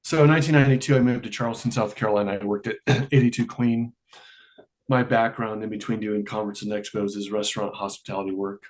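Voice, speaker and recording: Middle-aged man telling a lively story. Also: on the low side, quick pace. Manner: lively storyteller who acts out quoted dialogue. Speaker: interview guest. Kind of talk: casual storytelling.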